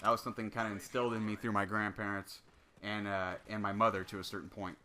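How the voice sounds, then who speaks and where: A man's voice: fairly low pitch, flat delivery, quick pace, pushed and bright, a little hiss or hum. A young man giving casual solo game commentary, telling a rambling, profanity-laced story. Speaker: gameplay commentator.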